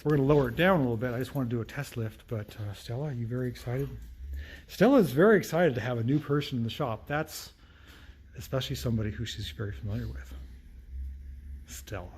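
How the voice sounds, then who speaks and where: A man's voice: medium pitch, fast talker, a little mellow, breathy edge. A middle-aged man running a casual vlog in his auto repair shop, talking friendly through each step as he works. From United States. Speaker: mechanic and channel host. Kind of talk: casual shop vlog, explaining while working.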